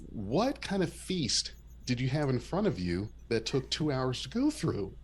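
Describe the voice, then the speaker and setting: A man co-hosts a relaxed podcast chat, playful and teasing in tone. His pitch is lively and bounces around as he talks. The voice sits in a middle range. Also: measured pace, slightly rough. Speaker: podcast co-host. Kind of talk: casual chat.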